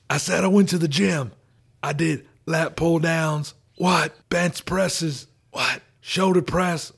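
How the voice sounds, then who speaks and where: This is a shrill, blaring wrestling brawler. He shouts and hollers in a strained high register, tossing back "what" nonstop with rowdy swagger. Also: gravelly, husky, exaggerated voice. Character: brash loud male wrestling tough guy, impression.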